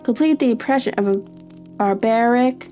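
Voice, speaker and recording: A woman giving a live reading of a classic detective story, unhurried, with small restarts and fillers. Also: on the high side, warm tone, faint music behind. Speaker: narrator reading aloud.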